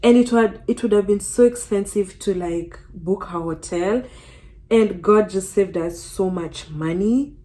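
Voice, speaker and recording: A woman's voice: medium pitch, a little slow. Young woman vlogger, earnest chatty storytelling, lots of "like", casual. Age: young adult. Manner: earnest, animated storytelling, often says "like". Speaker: vlogger and student. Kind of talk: casual storytime chat while getting ready.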